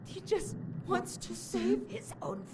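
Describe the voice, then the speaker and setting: A woman's voice: very high voice, huge pitch swings, slow pace, very noisy, exaggerated voice. An actress voicing a trapped, terrified young woman in a horror game, pleading and tearful, at times dropping to an eerie whisper. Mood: desperate pleading.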